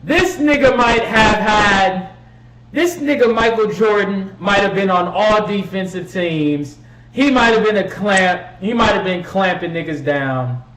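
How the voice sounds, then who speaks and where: A man streaming, reacting to basketball clips with hyped, profane, yelling commentary. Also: sits high, lively intonation, a little slow, echoey room, far from the mic, poor audio.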